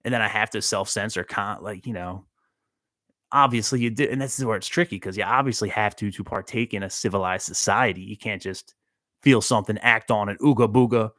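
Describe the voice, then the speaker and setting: Low-voiced man musing profanely. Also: a little fast, sharp tone, dry recording, studio quality. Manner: profane, introspective, self-questioning. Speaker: host. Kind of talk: rambling solo livestream monologue.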